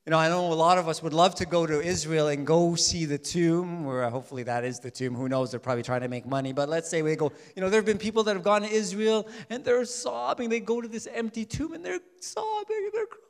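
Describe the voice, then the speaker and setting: A male pastor preaching a sermon, swinging from loud declarations to soft, quiet urging. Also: a little high, quick pace, hardly any pauses. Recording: long hall reverb.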